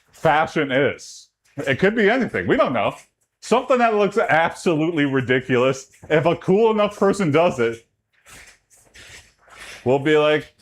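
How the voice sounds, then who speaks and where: A Texan streamer chats casually with his livestream chat while working out. His talk wanders, and his pitch jumps up whenever he gets excited.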